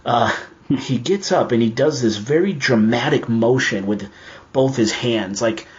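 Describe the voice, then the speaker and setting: Man, mid-range pitch, casual and animated storyteller, slightly muffled lo-fi podcast audio. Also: a little slow. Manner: animated, acts out his own reactions in quotes. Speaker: podcast guest telling a personal story.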